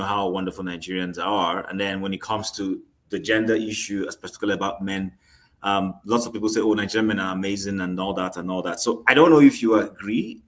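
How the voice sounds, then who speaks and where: A man's voice: lowish voice, a bit bright. A man hosting a panel talk show, moderating with many ums and conciliatory asides. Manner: hesitant, full of ums, conciliatory.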